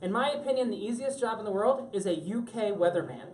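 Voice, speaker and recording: A woman's voice: mid-range voice, fast. Chatty woman in an echoey room. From Florida, USA. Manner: chatty, joking, animated. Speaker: tech presenter. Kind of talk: live talk to an audience. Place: room on a cruise ship.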